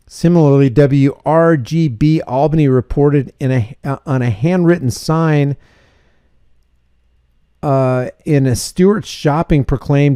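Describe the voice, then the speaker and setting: A man hosting a casual commentary video, sarcastic and quick to laugh. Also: mid-range voice, dark tone, dry recording, studio quality. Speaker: host.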